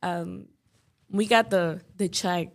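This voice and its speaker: A woman's voice: fairly low pitch, steady tone, takes it slowly. A young woman from Chicago, a podcast guest, talking in a casual, chatty way and leaning heavily on "like" and "you know". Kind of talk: casual interview chat.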